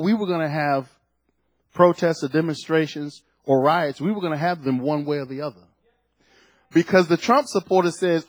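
A male pastor preaching a sermon, swinging between loud bursts and hushed lines. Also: fairly high pitch, no echo.

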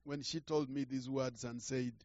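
An older man preaching a sermon through a story, halting and repeating words, swinging from quiet to loud. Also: medium pitch, fairly even intonation, no echo, lo-fi sound. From Uganda.

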